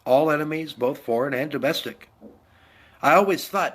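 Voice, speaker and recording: Middle-aged American veteran, blunt and heated, a bit high-pitched, hammers points twice. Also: male voice, moderate pace, fairly bright tone, husky. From United States. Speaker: Navy veteran vlogger. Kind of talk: angry political rant.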